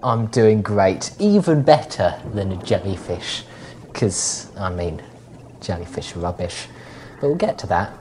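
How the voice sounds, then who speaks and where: A woman with a very low voice co-hosting a chatty podcast, teasing and deadpan. She sounds sleep-deprived, and faint hiss sits under her voice. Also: a little slow. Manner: dry, jokey, self-mocking. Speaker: podcast co-host. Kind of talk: casual chat.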